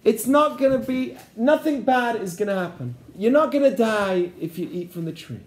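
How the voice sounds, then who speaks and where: A man's voice: very high-pitched, expressive, moderate pace. A man voicing a tempting male serpent who wheedles and reassures, in an echoey room. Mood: coaxing.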